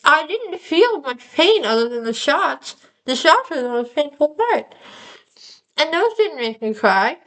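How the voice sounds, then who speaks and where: Numb-mouthed young woman rambling, high voice. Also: big pitch swings, a little slow, a bit bright, poor audio. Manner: rambling, self-mocking, breaks into laughs. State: numb mouth after dental surgery. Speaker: vlogger. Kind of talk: casual vlog monologue.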